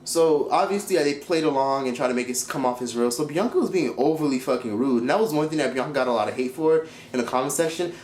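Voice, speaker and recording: A young man casually reviewing a reality show, blunt and profane, talking in an animated way. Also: mid-range voice, quick pace, few pauses, reverberant, a little hiss or hum. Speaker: YouTube commentator.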